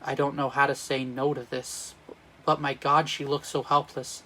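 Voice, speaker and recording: A man reading aloud as a tempted young male statesman, in a flat, even sung-spoken delivery. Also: mid-range voice, normal speed, slight background noise, natural voice. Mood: torn. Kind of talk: reading a musical script aloud.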